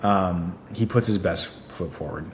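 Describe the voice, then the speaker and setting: Deep-voiced man chatting in an echoey room. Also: unhurried. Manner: rambling, laughing, many fillers. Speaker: actor guest. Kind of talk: casual interview chat. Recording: echoey room with faint noise.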